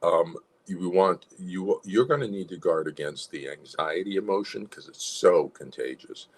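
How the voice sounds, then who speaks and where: A male psychologist hosts an instructional livestream in a low, slightly rough voice at a moderate pace. Animated throughout, he chuckles and acts out a range of tones of voice.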